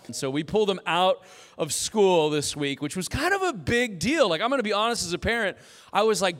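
A man in his thirties preaching a sermon as pastor, telling stories in an animated way and quoting himself. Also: high voice, brisk. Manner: animated, storytelling with self-quotes. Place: church auditorium. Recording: long reverb of a large hall.

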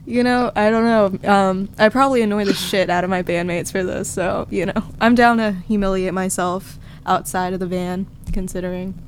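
A woman's voice: medium pitch, fairly even intonation, normal speed, few pauses, a little hiss or hum. A young woman from Virginia, a touring musician, chatting casually on a podcast and laughing often. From Virginia, US East Coast. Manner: laughs often, self-deprecating.

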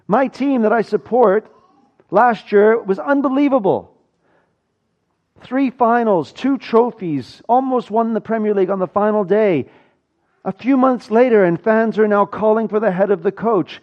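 A man from South Africa preaching a sermon, rising loud for emphasis and dropping to a hushed low voice. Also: lively intonation, normal speed. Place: church. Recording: dull lo-fi sound.

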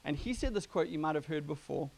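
A pastor giving a sermon in a relaxed, conversational way, joking with his congregation. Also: on the high side, fast talker, creaky. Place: church gathering.

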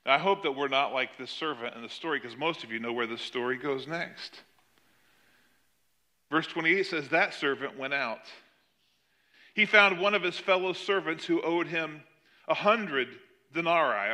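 Pastor guy, high bright voice, gets really animated preaching. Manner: animated preaching, rising to emphatic peaks. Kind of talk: sermon.

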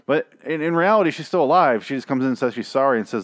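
A man's voice: mid-range voice, lively intonation, fast talker, dry recording, clean studio sound. Rambling, sarcastic man reviewing a show. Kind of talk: casual recap rant.

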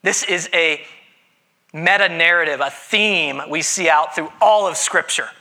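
A man preaching a sermon in a conversational way, with dramatic pauses and playful voiced asides. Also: fairly high pitch, sharp tone. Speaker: pastor.

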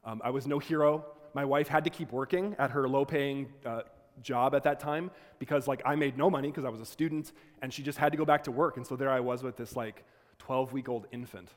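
A man lectures to students in a mid-range voice at a fairly quick clip, earnestly telling a personal story in a conversational way and often restarting his sentences. A long hall reverb fills the recording.

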